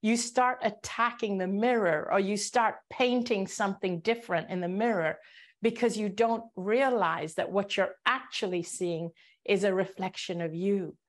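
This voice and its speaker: Calm woman explaining on a webinar. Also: medium pitch, normal speed. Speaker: guest speaker. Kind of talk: webinar talk.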